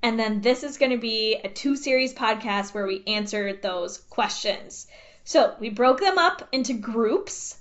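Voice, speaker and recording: A woman hosting a podcast, excitable and giggly, jumping between loud bursts and softer talk. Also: a little high, unhurried, highs cut off. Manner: excitable, giggly, jumps loud then soft. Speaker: podcast host. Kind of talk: bubbly podcast intro. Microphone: home microphone.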